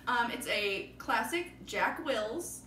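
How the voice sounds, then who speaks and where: A woman's voice: on the high side, animated, takes it slowly, sharp tone, distant mic. A young woman from Michigan, a guest on a casual vlog, bubbly and jokey, laughing easily. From Michigan, USA. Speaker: guest, video editor. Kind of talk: casual unboxing chat. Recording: echoey room, off-mic, faint noise.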